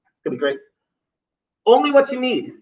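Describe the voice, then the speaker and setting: A man's voice: very high-pitched, very animated, a little fast, a little mellow, dull audio. A man, a math teacher joking through first-day rules for his class. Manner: joking, offhand, self-mocking asides. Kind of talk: classroom talk to students, livestreamed.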